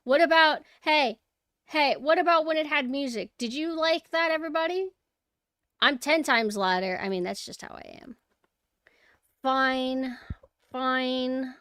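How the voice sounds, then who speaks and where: A woman streaming a game and chatting casually with her viewers, swinging between quiet murmurs and loud exclamations. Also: high-pitched, a little slow, pauses often, clean tone, no echo, clean studio sound. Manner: chatty, talks to chat directly. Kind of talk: casual gameplay livestream chat.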